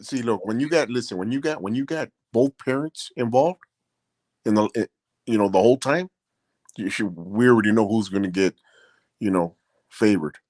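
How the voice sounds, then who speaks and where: A man co-hosting a podcast who teases his co-host with quick interjections. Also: fairly low pitch, darkish tone, no echo, studio quality. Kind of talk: casual chat.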